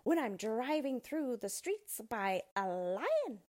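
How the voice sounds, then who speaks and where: A shrill, spiteful wicked witch from a storybook, put on by a woman reading aloud. She hisses and drags out her words slowly, the voice swooping high and wild. There is a breathy edge to her. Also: sing-song, darkish tone. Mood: menacing. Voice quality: shrill, hissing.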